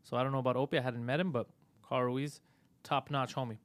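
A man hosting a casual live-stream podcast, swearing freely and telling stories with animated energy. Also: medium pitch, fast, no echo. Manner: profane, animated storytelling. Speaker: podcast host.

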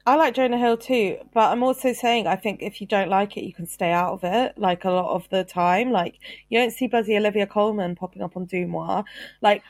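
A woman's voice: medium pitch, steady tone, brisk, no room sound. A woman co-hosting a podcast in casual chat, pressing her argument firmly. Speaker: podcast co-host.

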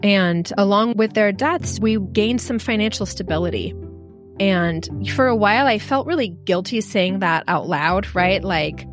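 A woman's voice: medium pitch, lively intonation, normal speed, faint music behind. A middle-aged woman telling a personal story as a podcast guest, earnest and reflective, with many "like" fillers. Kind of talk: candid storytelling.

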